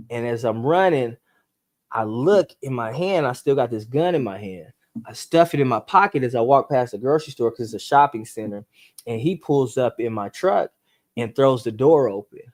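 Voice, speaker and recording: A man telling a true story as a podcast guest, acting it out with sound effects and speeding up and rising in pitch when the tension builds. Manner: animated storyteller, acts out voices and gunshots; speeds up and rises in pitch at tense moments.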